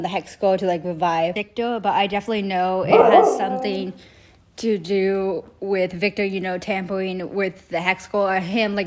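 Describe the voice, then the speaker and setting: A woman's voice: mid-range voice, darkish tone. Young woman chatting about a show, rambly, says like constantly, jumps into character lines. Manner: rambling, heavy "like" fillers, acts out characters' lines. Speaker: show reviewer. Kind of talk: casual recap chat.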